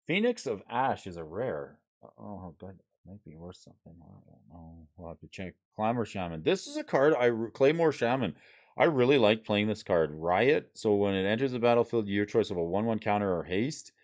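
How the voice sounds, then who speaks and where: A man's voice: lowish voice, lively intonation, a little fast, a little mellow, highs cut off. A man streaming casually, reading card names and rules aloud and chatting with his viewers. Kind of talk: casual livestream chat while sorting cards.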